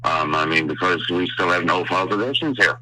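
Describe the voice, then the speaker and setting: A man speaking as a housing advocacy spokesperson in a radio interview by phone, halting with many fillers and restarts. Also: deep voice, sharp tone, soft background music, poor audio. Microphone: phone line.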